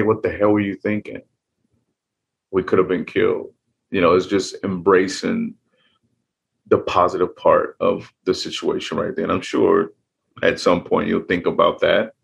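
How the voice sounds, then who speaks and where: A man's voice: sits low, steady tone, normal speed, gravelly, breathy edge, highs cut off. A man talking earnestly in a rambling, casual monologue, often restarting his sentences.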